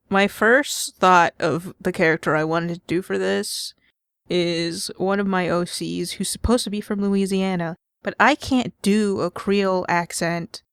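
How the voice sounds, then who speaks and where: A woman's voice: lowish voice, clean tone, dry recording, clean studio sound. A woman hosting a casual game playthrough, rambling and giggling often. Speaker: let's play host. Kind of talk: casual gameplay commentary.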